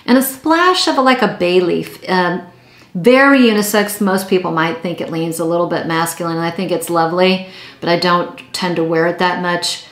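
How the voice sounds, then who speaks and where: A woman's voice: fairly low pitch, normal speed, a bit bright, echoey room. A woman chatting casually and enthusiastically as she reviews perfumes, with many fillers and repeated words.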